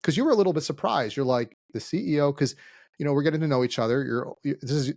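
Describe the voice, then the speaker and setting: A man co-hosting a casual business podcast, telling stories and acting out quoted dialogue with lively energy. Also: medium pitch, fast talker, vocal fry, dry recording. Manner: animated storyteller, acts out quoted dialogue. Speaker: podcast co-host, CEO.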